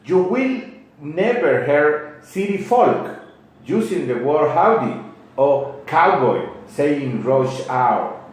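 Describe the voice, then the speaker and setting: Male teacher, slow and halting, lively pitch, heavy room echo. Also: a little hiss or hum. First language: Spanish. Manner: slow, deliberate, a little halting. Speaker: English teacher being interviewed. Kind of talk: explanatory answers in a class interview. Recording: very echoey room.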